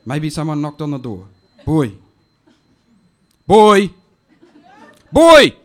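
A man voicing a loud, bossy, teasing elderly Māori auntie who hollers and scolds down the phone in a comic poetry performance. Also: wildly swooping pitch, extremely slow, exaggerated voice. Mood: hollering. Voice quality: shrill and loud, calling out. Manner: scolding, hollering, laughing at herself.

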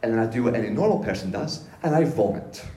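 A pastor telling his own faith story in a sermon, animated and self-mocking, with casual slang. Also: medium pitch, fast. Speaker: pastor giving a testimony. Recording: roomy hall echo.

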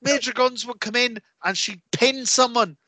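A man, chatting on a podcast as co-host and telling animated stories that he acts out with quoted voices. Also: extremely high pitch, normal speed, dry recording. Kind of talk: casual chat.

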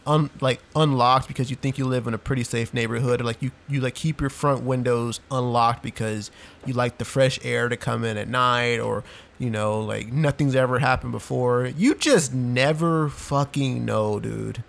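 A man's voice: mid-range voice, fairly even intonation, moderate pace, gravelly, fairly bright tone. A young man chatting casually on a podcast, telling a long story full of "like" and "dude". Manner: rambling storyteller, heavy use of "like" and "dude". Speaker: podcast co-host. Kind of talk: casual chat.

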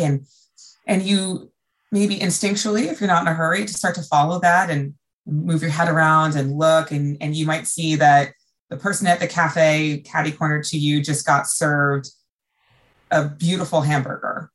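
An American woman, an event designer, chatting casually and telling a vivid story in an animated, emotional way. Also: sits low, normal speed. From United States. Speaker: event designer, podcast guest. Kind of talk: casual backstage chat.

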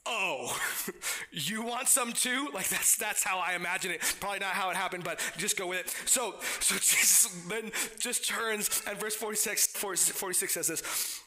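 A man's voice: high-pitched, steady tone, normal speed, hardly any pauses, pushed and bright. A man preaching a sermon in a conversational way, with frequent restarts and playful asides. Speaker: pastor.

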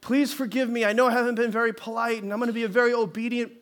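A mean-mouthed pet parrot, put on by a man telling a story from the pulpit, with a high, bright voice that keeps jabbing out insults in a taunting singsong. Heard from a little distance. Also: little pitch movement, racing. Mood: sheepish. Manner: taunting, then sheepishly apologetic.

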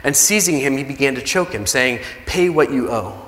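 A man's voice: medium pitch, expressive, normal speed, a bit bright. A male pastor preaching a conversational sermon, acting out the pleas in the story he tells. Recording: long reverb of a large hall.

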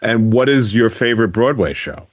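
A man's voice: on the low side, animated, normal speed, dry recording. A man hosting a radio interview show, asking children encouraging follow-up questions from a studio.

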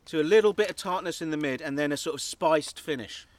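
A man's voice: fairly high pitch, fast talker, dry recording. A man co-hosting a comedy podcast, bantering playfully outdoors in a forest. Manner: playful, lively, swearing. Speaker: podcast co-host.

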